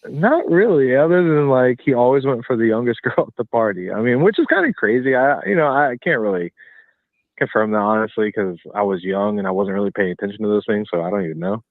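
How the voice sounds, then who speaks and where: A man's voice: medium pitch, expressive, fast, no room sound. A man in his thirties, a caller being interviewed by phone, rambling loosely with lots of filler. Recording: tinny phone line.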